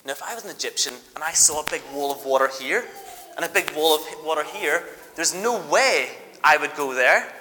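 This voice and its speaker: A teacher leads a church education service, acting out a Bible story and steering volunteers with brisk requests and praise. The voice is bright and sharp. It carries a long reverb in a large hall. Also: medium pitch. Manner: lively, directs helpers with quick requests and praise.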